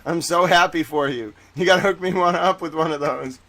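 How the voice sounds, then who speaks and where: A man's voice: on the high side, brisk. A man with a Boston accent hosting a casual livestream chat, ranting and joking with heavy swearing and frequent laughter while talking to viewers in chat. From Boston, Massachusetts. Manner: animated, jokey, laughs often; addresses chat viewers by name. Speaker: livestream host.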